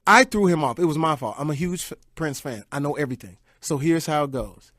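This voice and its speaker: A man in his forties telling anecdotes as a radio guest, his voice pitched slightly high. He jumps into impressions and laughs as he goes. The sound is dry and close. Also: a little fast, dry recording. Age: 40s. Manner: animated, does voices and impressions, laughs often. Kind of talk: animated storytelling on call-in radio.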